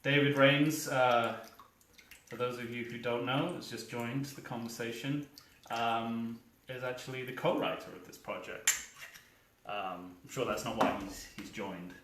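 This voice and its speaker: A man performing a one-man comedy show, talking quietly and offhandedly with hesitant asides. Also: medium pitch, fairly even intonation, a little slow, a little hiss or hum. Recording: echoey room, distant mic.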